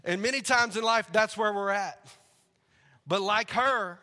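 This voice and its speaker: A male pastor preaching a sermon in a church, telling stories in a relaxed, conversational way. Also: high-pitched, measured pace. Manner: conversational storytelling, laughs along. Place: church sanctuary. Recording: reverberant church hall.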